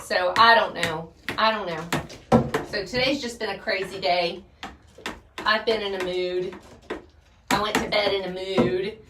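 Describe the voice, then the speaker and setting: A woman's voice: mid-range voice, fairly even intonation, a little slow, pauses often, very noisy. A woman chatting casually to camera while doing chores outdoors, laughing often. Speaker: vlogger, homesteader. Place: outdoors by a chicken coop. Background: chickens and a rooster.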